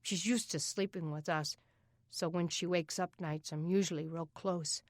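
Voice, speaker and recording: A woman voicing a protective, wary young boy who speaks softly, almost in a whisper. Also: fairly low pitch, steady tone, moderate pace, no echo, studio quality, natural voice. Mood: quiet. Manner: hushed, soft-spoken.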